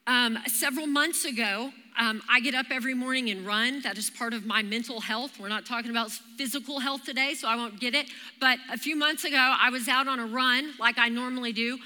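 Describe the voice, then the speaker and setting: A woman, giving an animated, story-driven sermon at a live church service. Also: a little high, a little fast. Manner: animated, storytelling with vivid exclamations. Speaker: church speaker. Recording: reverberant live church hall.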